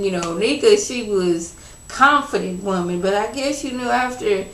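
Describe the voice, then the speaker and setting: A woman's voice: fairly high pitch, fairly bright tone. Chatty woman recapping in an echoey room. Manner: chatty, slangy, peppered with "you know" and "like". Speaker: TV episode reviewer. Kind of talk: casual spoken recap.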